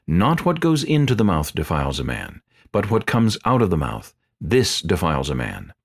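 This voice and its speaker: A man reading as a calm, authoritative teacher. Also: sits low, normal speed, gravelly, husky, voice pushed down, exaggerated voice. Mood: teaching. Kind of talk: dramatized scripture reading.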